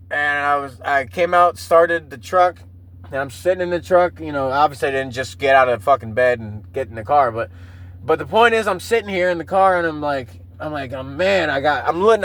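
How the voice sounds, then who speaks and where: A man's voice: on the high side, fairly bright tone, poor audio. A man in his mid-thirties hosting a casual solo podcast, rambling and swearing freely, often laughing at himself. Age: 30s. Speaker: podcast host.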